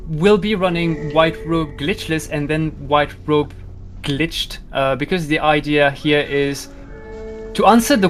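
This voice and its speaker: A speedrunner from France chats in English, halting between fillers and little jokes. His voice sits a touch high for a man. Music plays clearly in the background. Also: a bit bright. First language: French. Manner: hesitant, full of fillers and restarts, joking. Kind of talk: casual live-stream chat.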